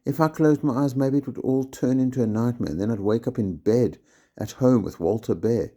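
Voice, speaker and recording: A man, a primary school teacher, reading a children's storybook aloud in steady first-person narration. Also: medium pitch, fairly quick.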